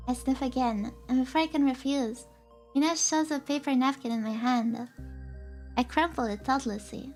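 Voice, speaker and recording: A young woman streamer reading a visual novel aloud in a soft, hesitant way, with filler sounds between lines. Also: high-pitched, moderate pace. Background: faint game music.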